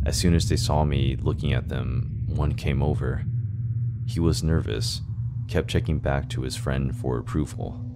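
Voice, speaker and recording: A man narrating a scary first-person story in a steady, scripted delivery. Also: rumbling low. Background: background music.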